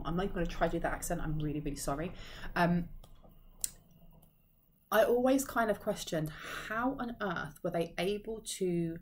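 A woman giving an intuitive tarot reading to her viewers, rambling and searching for words with frequent sighs. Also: lowish voice. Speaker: tarot reader and medium.

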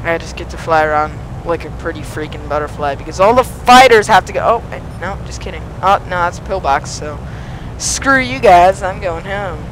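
A man's voice: fairly high pitch, a little fast, few pauses. A teenage boy giving let's play commentary on a flight combat game, yelping and pleading at the screen as he plays. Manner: excitable, yelps and pleads at the game. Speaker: gaming YouTuber. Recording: noisy game audio behind voice. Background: engine and gunfire game sounds.

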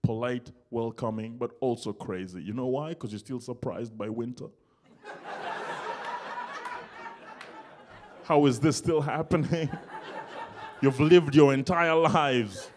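A man in a stand-up set, not from Canada, ranting in mock exasperation and shouting out put-on voices. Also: medium pitch, big pitch swings, takes it slowly, pauses often, crowd noise, noisy background. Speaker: stand-up comic. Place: small gallery before a live audience.

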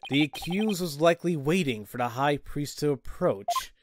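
A man reading the lines of a calm young male prosecutor in a measured, formal way, over game music. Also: on the high side, background noise, natural voice. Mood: cold.

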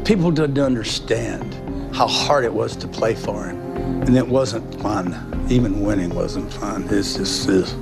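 A man in his seventies from the American South with a Southern accent, telling stories in a folksy, animated way in a documentary interview. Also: fairly low pitch, measured pace, creaky. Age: 70s. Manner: animated, folksy storytelling with big swings in voice. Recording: music bed underneath.

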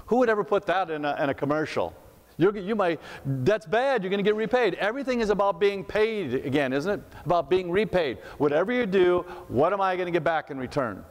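Male pastor, slightly high voice, chatty preaching full of rhetorical questions, long sanctuary reverb. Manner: conversational, asks rhetorical questions, repeats words. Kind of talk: sermon. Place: church sanctuary.

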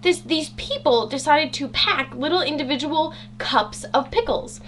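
A woman's voice: sits high, a little slow, a bit bright, slight background noise. A teenage girl chatting casually on a home vlog, bubbly and self-mocking with sarcastic asides. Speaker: vlogger. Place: home bedroom.

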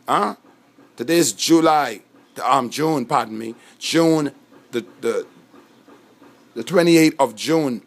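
A man's voice: a little high, a bit bright. A man with a Bahamian accent giving an impassioned, rambling monologue, full of indignation and frequent restarts. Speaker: self-recorded speaker.

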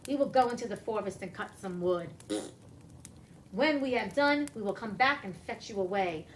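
A woman's voice: mid-range voice, expressive, moderate pace, slight background noise, natural voice. Lady reading a cold scheming stepmom from a storybook, stern and scolding, pretty plain mid-height voice. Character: scheming cold-hearted stepmother, adult woman.

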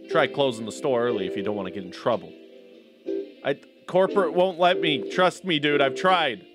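A young man cracks sarcastic jokes as he plays, talking back to the game's characters at a middle pitch. Game music plays clearly behind him. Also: moderate pace. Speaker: gaming YouTuber. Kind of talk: let's play commentary.

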